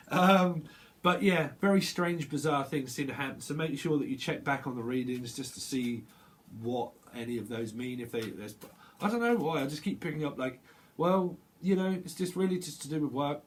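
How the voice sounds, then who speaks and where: A man's voice: on the high side, normal speed, a little hiss or hum. A man giving a casual tarot reading, chatty and rambling, full of fillers and restarts. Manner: acts out little quoted voices, bursts of laughter. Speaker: tarot reader.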